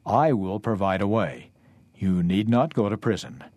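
A man voicing a calm, kindly male mediator who offers to pay the debt, read out in a steady, reassuring way. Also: on the low side, moderate pace, no echo, close to an everyday voice.

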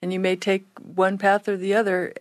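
A woman who is a guest on a church-themed panel, speaking in a calm, matter-of-fact way. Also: medium pitch, moderate pace, dry recording, studio quality.

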